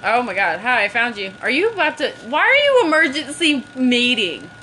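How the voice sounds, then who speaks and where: A woman playing a video game with a cousin, trash-talking loudly and then sulking in a low mumble. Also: big pitch swings, moderate pace, a little hiss or hum. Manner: loud, swings between yelling and mock-sulky mumbling. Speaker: podcast host playing a game. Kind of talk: casual gaming banter.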